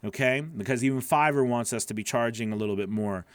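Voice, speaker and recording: Male voice-over coach, mid-pitched, casual and encouraging live critiques full of fillers; dry, close sound at home. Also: fast talker, clear, resonant tone, no echo. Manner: casual, encouraging, repeats phrases with many fillers. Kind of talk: live critique of freelance gig pages.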